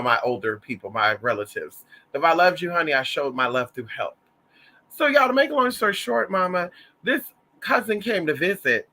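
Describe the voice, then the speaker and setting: A man's voice: high-pitched, sharp tone. A man telling a story to his viewers in a casual, sassy and profane way, full of drama. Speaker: vlogger.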